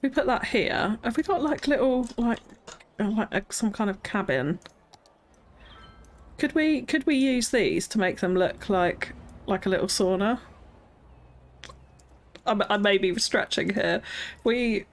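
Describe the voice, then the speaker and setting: A British woman talks casually through a live stream of a city-building game, musing aloud as she works. Her voice sits at a middle pitch. She greets viewers in chat and often slips into a nervous little laugh. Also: animated, a little slow, pauses often. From Britain. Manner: thinks aloud, chatty, frequent nervous laughs.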